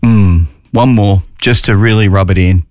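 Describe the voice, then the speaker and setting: An Australian man hosts a talk radio show, chatting easily and cracking corny jokes. His voice sits low, and the studio sound is dry and close. He rambles through the segment in a relaxed, friendly way. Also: normal speed, no echo. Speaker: radio host. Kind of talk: casual talk radio chat.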